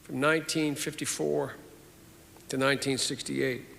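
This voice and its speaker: A man putting on the voice of an elderly Southern senator who speaks slowly in a fatherly way and repeats his words, heard in a reverberant hall. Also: mid-range voice, level tone, vocal fry, a bit bright, slight background noise. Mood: solemn. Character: elderly male Southern senator, courtly and unhurried.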